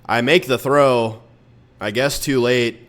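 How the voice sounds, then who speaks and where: A young man commentating his own football video game, exasperated and ranting, with sudden loud outbursts. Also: mid-range voice, fairly even intonation, slow pace. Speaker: gaming YouTuber. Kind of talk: live gameplay commentary.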